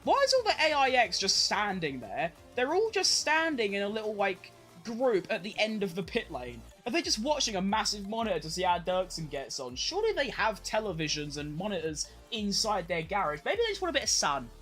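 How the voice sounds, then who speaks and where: A young streamer talks through a race watch-along in a loose, rambling way, throwing in casual swears. The voice sits at a middling pitch for its kind, and faint music plays quietly underneath. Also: big pitch swings, fairly quick.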